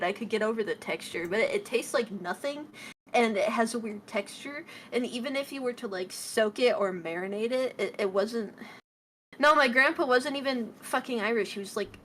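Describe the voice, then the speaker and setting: A woman from Michigan, a guest on a stream, chatting in a silly, animated way with frequent laughter and swearing. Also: fairly high pitch, normal speed, slight background noise. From Michigan, USA. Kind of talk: casual stream chat.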